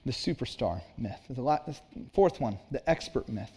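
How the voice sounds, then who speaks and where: A man's voice: medium pitch, lively intonation, normal speed, a little mellow, slightly rough. A man preaching a sermon in an earnest, conversational way, acting out little asides. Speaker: pastor.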